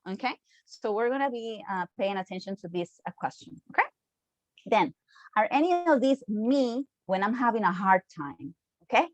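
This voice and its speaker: A woman's voice: mid-range voice, expressive, moderate pace, dry recording, highs cut off. A woman with a Costa Rican Spanish accent, whose first language is Spanish, giving an online lecture in a chatty way and often checking in with "okay?". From Costa Rica.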